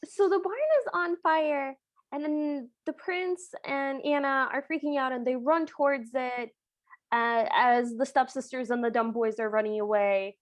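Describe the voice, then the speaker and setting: Bright, higher-voiced woman podcast co-host. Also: steady tone, measured pace, dry recording. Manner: chatty plot summary with frequent "like". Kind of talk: casual chat recapping a film.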